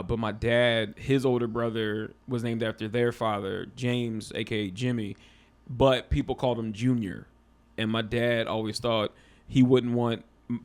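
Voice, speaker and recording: Laid-back rambling man from Philadelphia. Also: mid-range voice. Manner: rambling, laid-back storyteller who laughs at himself. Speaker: podcast guest, stand-up comedian. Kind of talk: casual podcast chat.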